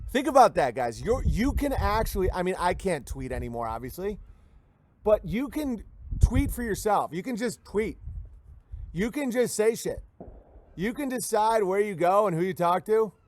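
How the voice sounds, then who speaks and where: High-voiced animated male streamer. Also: unhurried, long pauses, slight background noise. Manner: animated, rambling, mocking, breaks into laughs. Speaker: livestream host. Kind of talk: livestream commentary, reading viewer messages.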